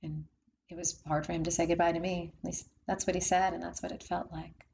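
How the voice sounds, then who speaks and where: A woman's voice: on the low side, level tone, fairly quick, gravelly, darkish tone, slight background noise. A middle-aged woman telling a heartfelt personal story in a chatty way, laughing often between lines. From from Maryland area.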